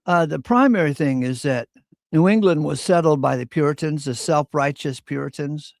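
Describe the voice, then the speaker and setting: Gravelly man, opinionated. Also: on the high side, normal speed, a little mellow, no room sound, studio quality. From Virginia. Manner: opinionated storyteller, clears throat often. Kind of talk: casual chat.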